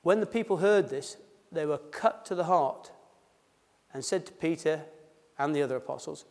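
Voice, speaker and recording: A pastor at a baptism service preaches at a moderate pace in a slightly high, darkish voice. He drops his H's and reads scripture before explaining it in down-to-earth, conversational language, with long reverb from the church hall.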